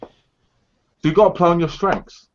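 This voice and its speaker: A fairly high-voiced man speaks frankly on a live stream, lecturing and insistent as he hands out advice. The audio is muffled and lo-fi. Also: steady tone, normal speed. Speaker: co-host of a live online chat giving advice. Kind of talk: casual live chat.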